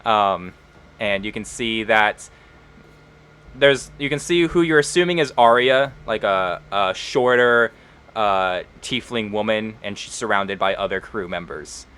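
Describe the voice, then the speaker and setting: A man's voice: lowish voice, measured pace, pushed and bright, a little hiss or hum. A man narrating as game master of a tabletop role-playing game, casual, with frequent ums and uhs.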